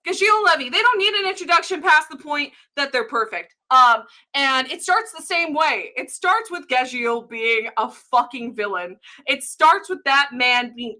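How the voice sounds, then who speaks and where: High, bright-voiced woman ranting profanely. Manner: profane, excitable, fast-swinging delivery. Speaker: guest ranter on improv show. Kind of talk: comedic rant.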